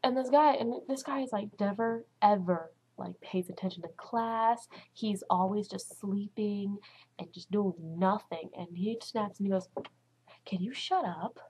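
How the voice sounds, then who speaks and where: A teenage girl chatting to camera at home in a casual vlog, talking fast and dramatizing what others said. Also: medium pitch, a little mellow, a little hiss or hum, low-quality recording. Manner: chatty, dramatic, acts out quotes. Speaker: vlogger.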